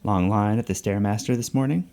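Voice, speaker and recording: A man's voice: on the low side, fairly quick, warm tone, close to an everyday voice. A man reading a novel passage aloud, voicing a vain, tense male banker who talks through gritted teeth and hisses in whispers. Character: vain, tense male Wall Street banker, simmering anger.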